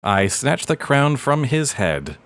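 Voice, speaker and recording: A man's voice: mid-range voice, big pitch swings, slow pace, very noisy. A man playing a tabletop game, speaking in a dry, matter-of-fact way. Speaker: player. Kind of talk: casual tabletop play.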